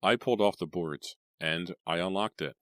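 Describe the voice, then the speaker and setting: A man voicing a terrified teenage girl who screams and pleads, pushing his voice high and loud. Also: moderate pace, no echo, studio quality, lightly acted. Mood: confessing.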